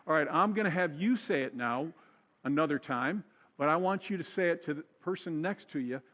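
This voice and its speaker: A man's voice: on the high side, expressive, fairly quick, fairly bright tone, dull audio. Man preaching in a reverberant church. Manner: conversational preaching, repeats key phrases for emphasis. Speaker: pastor. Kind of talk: sermon. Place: church sanctuary. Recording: church hall with long reverb.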